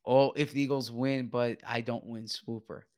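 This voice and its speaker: Dude on a podcast, stammers a lot, restarts sentences, mid-pitched. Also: male voice, flat delivery, normal speed, darkish tone, clear, resonant tone. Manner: hesitant, stammering, restarts often. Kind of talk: casual chat.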